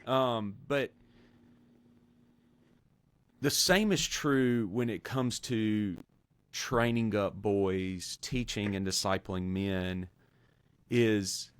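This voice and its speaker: A man, a pastor and podcast host, talking through theology in an earnest, measured way, with many fillers and restarts. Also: on the low side, clear, resonant tone, dry recording. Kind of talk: conversational theology discussion.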